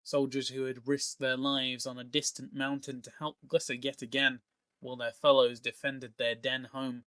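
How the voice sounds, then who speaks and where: A man's voice: mid-range voice, flat delivery, normal speed, pushed and bright, clear, resonant tone, dry recording. A man narrating a fantasy audiobook, reading steadily between the character voices.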